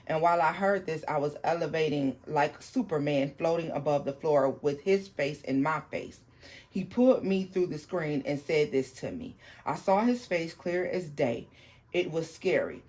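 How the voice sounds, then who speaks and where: A tarot channel host reading a viewer's paranormal story aloud, haltingly, with restarts and asides to the viewers. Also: mid-range voice, a little mellow.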